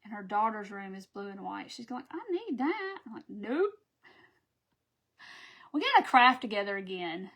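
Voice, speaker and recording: A woman's voice: medium pitch, fast talker, hardly any pauses, fairly bright tone. A woman hosting a live craft stream, chatting with viewers as she works and laughing at her own stumbles. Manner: chatty, laughing at herself, talking to viewers while working. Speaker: craft host.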